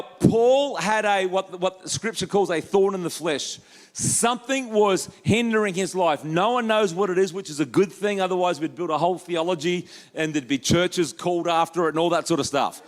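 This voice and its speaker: A man preaching a lively sermon as pastor, acting out quoted voices with jokey asides. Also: high-pitched. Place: church hall.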